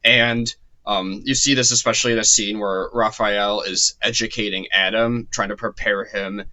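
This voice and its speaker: A man gives an unscripted literature lecture in a lowish, bright, forward voice. He wanders off on side points and fills gaps with ums and restarts. His voice sounds a little strained. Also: fairly even intonation, normal speed, poor audio. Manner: loose and digressive, many ums and restarts. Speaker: literature course teacher.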